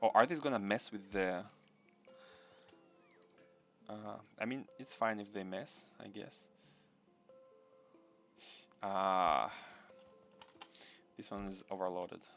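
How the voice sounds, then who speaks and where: Low-voiced man thinking aloud while streaming. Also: steady tone, slow, pauses often, fairly bright tone, soft background music. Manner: thinks aloud, repeats phrases, chats with viewers. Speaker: gaming livestream host. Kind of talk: live gameplay commentary.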